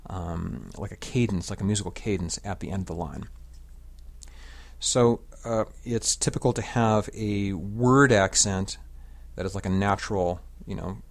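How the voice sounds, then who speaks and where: Low-voiced man explaining and reciting verse. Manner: explains, then recites slowly and stresses the beat. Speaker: classics teacher. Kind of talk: spoken lecture with slow recitation of verse.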